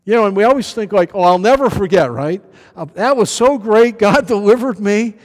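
Male pastor, high voice, casual anecdotal sermon full of ums and restarts, acts out quotes; long hall reverb. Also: expressive, brisk. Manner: chatty, anecdotal, many fillers and restarts; acts out quoted voices with big pitch jumps. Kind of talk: sermon, verse-by-verse Bible teaching.

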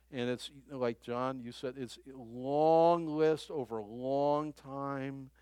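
A man preaching a conversational sermon as a pastor, halting and repeating his phrases, often chuckling as he talks. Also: medium pitch, darkish tone, smooth, no room sound.

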